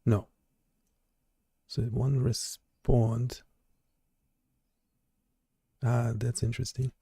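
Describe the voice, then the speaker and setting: A man hosting a live coding stream, chatting casually and haltingly with lots of fillers and restarts. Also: medium pitch, flat delivery, dark tone, slightly rough, no echo. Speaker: live-stream host and developer.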